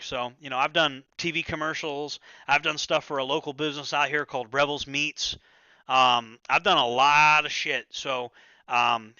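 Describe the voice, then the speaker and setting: A man with a fairly high, bright, forceful voice hosts a livestream, chatting loosely with lots of swearing and stammered restarts. His delivery is smooth, and the lo-fi recording has no echo.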